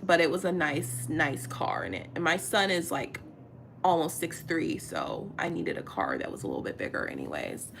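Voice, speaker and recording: A woman in her thirties chatting casually on camera, retelling a story in an animated, exasperated way, quoting what people said. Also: low-pitched, moderate pace, gravelly, slight background noise. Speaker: vlogger.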